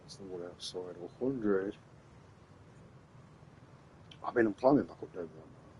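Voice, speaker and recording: A man's voice: sits low, expressive, a little slow, highs cut off, slight background noise. A man giving rambling, casual commentary as he plays a game late at night, tired and repeating himself while handing out tips. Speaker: gamer streaming his play.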